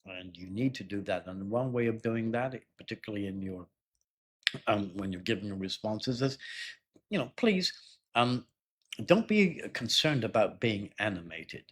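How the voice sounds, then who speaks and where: A man teaching an exam-prep lesson in a loose, conversational way, often clearing his throat and repeating words. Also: on the low side, lively intonation, normal speed, a bit bright. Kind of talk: explanatory spoken lesson.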